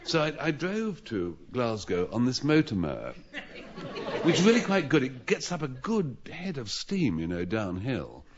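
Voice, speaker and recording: A man's voice: medium pitch, wildly swooping pitch, measured pace, crowd noise, noisy background. A man spinning a long comic anecdote on a radio panel show, rambling and self-mocking with stammered restarts. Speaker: panelist telling a comic story. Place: radio studio with audience. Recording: dull old radio broadcast recording.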